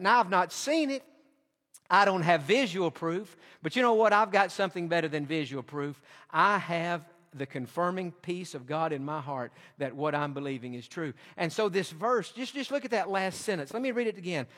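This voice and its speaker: A man preaching a sermon, emphatic and slowing down for quoted verses. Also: high voice, lively intonation, fairly bright tone, big-room sound. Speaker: pastor.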